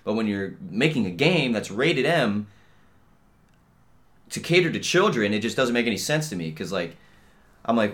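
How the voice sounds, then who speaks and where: Young guy ranting on his podcast, swears nonstop, kinda low voice, keeps saying you know what i mean. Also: very animated, moderate pace, long pauses, a bit bright. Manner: profane, blunt, heavy on filler and "you know what I mean". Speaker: podcast host. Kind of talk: casual rant.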